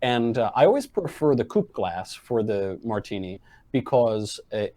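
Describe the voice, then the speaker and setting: Dry-witted man with a mellow voice. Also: on the low side, unhurried, dry recording. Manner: wry, deadpan humor. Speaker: guest commentator. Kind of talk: casual chat.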